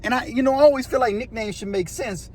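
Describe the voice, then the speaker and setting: High-voiced man telling stories. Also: fast, husky. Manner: animated, slangy, acts out voices and sounds. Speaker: storyteller recounting prison life. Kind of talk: casual storytelling.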